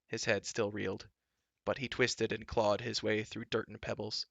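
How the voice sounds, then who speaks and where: A man reading a fantasy storybook aloud in steady, dramatic narration, on a dull lo-fi recording. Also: fairly low pitch, normal speed, gravelly, dry recording. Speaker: reader.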